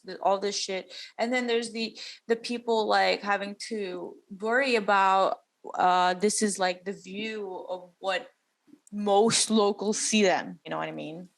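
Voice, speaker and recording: Young woman in animated podcast chat. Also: mid-range voice. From Macau. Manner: animated, lots of fillers and quoted voices. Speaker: podcast co-host. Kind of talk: casual reaction chat.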